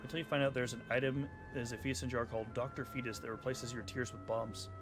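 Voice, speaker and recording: A man's voice: mid-range voice, level tone, fast talker, music in the background. A man commentating casually while he plays a video game, joking and rambling sarcastically over the cutscenes. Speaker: streamer playing a video game. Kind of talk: casual let's-play commentary.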